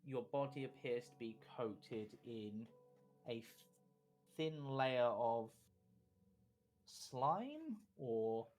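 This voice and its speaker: A male game master narrates a tabletop scene in an unhurried, measured way. His voice sits at a middle pitch, and he pauses and restarts as he builds each description. Soft music plays underneath. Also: sing-song, rough recording.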